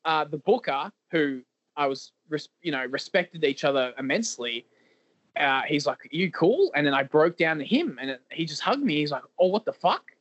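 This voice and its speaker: A male wrestler being interviewed, talking candidly in a halting way with repeated words and many fillers. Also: on the high side, expressive, fairly bright tone, lo-fi sound. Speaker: professional wrestler guest.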